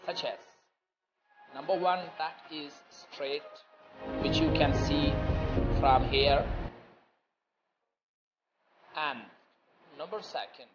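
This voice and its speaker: Slow, deliberate male language teacher. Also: on the high side. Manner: deliberate, repetitive explaining with pauses. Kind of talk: slow recorded lecture. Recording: dull lo-fi audio with loud music.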